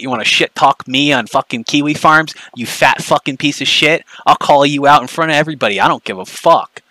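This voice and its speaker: A man's voice: a little high, fairly quick, few pauses, pushed and bright, no room sound, poor audio. A man ranting angrily on a livestream, profane, mocking and confrontational. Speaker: streamer. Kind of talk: angry livestream rant.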